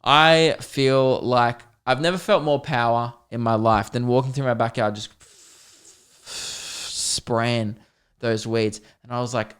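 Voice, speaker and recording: A young man, hosting a podcast and telling a long comic story with animated, self-mocking, sweary mock-epic flair. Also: medium pitch, normal speed, hardly any pauses, clean tone. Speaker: podcast host.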